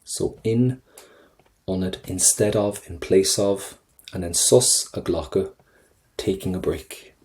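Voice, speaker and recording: A man teaching an exam-prep lesson over a screen recording, chatty and encouraging, repeating phrases slowly for learners. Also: sits low, a little mellow. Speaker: Irish language tutor.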